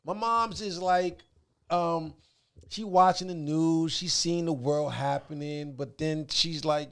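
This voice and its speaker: A man, a guest in a casual podcast chat, telling stories in a loose, slangy, animated way. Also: a little high, slow pace, clear, resonant tone. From the Bronx, New York. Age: 40s.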